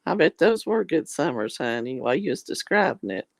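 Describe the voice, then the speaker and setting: A woman's voice: low voice, big pitch swings, brisk, vocal fry, no room sound. A woman with an East Tennessee mountain drawl, chatting folksily with viewers on a livestream and calling them darling and honey. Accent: Southern US drawl, East Tennessee mountains. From East Tennessee, American South. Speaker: livestream host reading viewer comments. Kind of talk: casual livestream chat.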